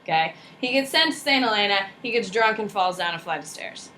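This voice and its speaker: A young woman teaching a high school history class, lively and casual, joking and chatting with her students between points. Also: brisk, slight background noise. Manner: animated, casual and slangy, jokes with students. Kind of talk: classroom lecture.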